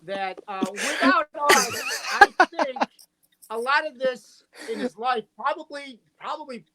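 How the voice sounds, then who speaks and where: A man's voice: very high-pitched, animated, measured pace, a crowd in the background. A man calling in over a video call for a casual chat, telling joking stories with lots of restarts. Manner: joking, rambling storyteller with many restarts. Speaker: guest friend calling in.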